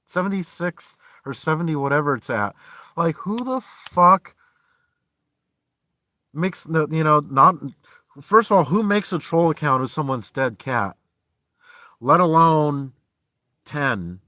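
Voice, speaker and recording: A man in a heated, profanity-laced live-stream rant from his van. His voice has a bright, sharp edge and sits close and dry on the mic. He jumps from loud outbursts to weary, low muttering. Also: expressive, measured pace, no echo. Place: inside a parked van.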